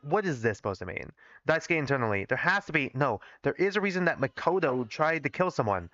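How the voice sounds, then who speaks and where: A man reads his old fan fiction aloud on a live stream, pitch rising and falling in lively swings as he stops to pick apart his own writing. His voice sits a little high for a man and lands dry and close on a dull-sounding mic. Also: moderate pace, no echo. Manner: self-critical, swears casually, reads every part himself. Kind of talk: live-stream reading with commentary.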